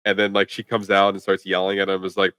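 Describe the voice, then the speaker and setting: A man co-hosts a casual movie-review chat, talking quickly and piling up "like" as he goes. His voice sits on the low side, and the recording is dry and close with no room sound. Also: completely flat delivery, bright, forceful tone, clean tone, no echo. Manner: rambling, filler-heavy with lots of "like". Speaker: podcast co-host.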